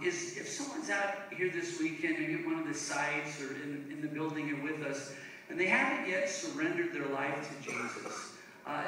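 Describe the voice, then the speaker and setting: A man's voice: on the high side, bright, forceful tone, slight background noise. A man hosting on a church stage, asking a guest questions in an encouraging manner, heard from a distant mic. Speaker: church host. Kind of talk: host interview on stage. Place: large church hall. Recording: echoey hall, distant mic.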